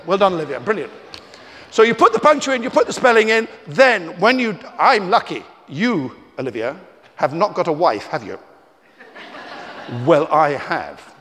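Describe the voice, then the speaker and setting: A man, a children's author, telling stories to a young audience in a theatrical, teasing way, shifting between shouts and hushed asides, recorded on a tie-clip mic at an indoor festival venue. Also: fairly high pitch, sing-song, normal speed, long pauses. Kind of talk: live storytelling talk to children. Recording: reverberant hall.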